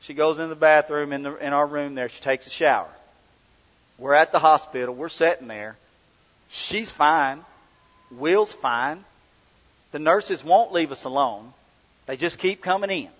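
A middle-aged preacher tells a story from the pulpit, folksy and conversational, his voice sitting a little high for a man. The sound is dull, and his words linger in a long church reverb. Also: a little slow, pauses often. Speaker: pastor. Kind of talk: sermon with personal storytelling.

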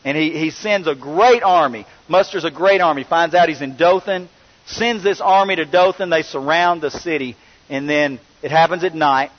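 A man delivers a sermon in a storytelling style, acting out the people in the story as he goes. His voice sits a little high for a man. The recording is muffled and lo-fi, with a long reverb trailing through a hall. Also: normal speed. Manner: storytelling, voicing characters with rising pitch. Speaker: preacher. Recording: long reverb, dull lo-fi sound.

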